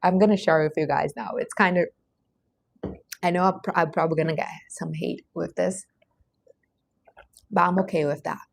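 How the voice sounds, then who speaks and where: A woman's voice: on the low side, steady tone, normal speed, vocal fry, pauses often. A woman from Brazil, hosting a casual livestream in a blunt, emphatic, motivational way. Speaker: livestream host.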